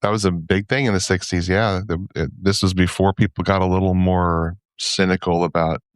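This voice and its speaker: A man co-hosting a podcast in casual chat, thoughtful and measured. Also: sits low, level tone, dry recording, studio quality. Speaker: podcast co-host.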